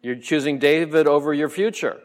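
A man's voice: a little high, moderate pace, pitched above the performer's own voice, natural voice. A man voicing a furious older king who berates his grown son, repeating his insults with rising force, in a long hall reverb. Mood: angry scolding.

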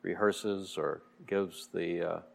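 A man teaching a verse-by-verse sermon in a relaxed, explanatory way, with frequent fillers and soft chuckles. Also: deep voice, drawn-out words, creaky, in a large hall. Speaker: Bible teacher.

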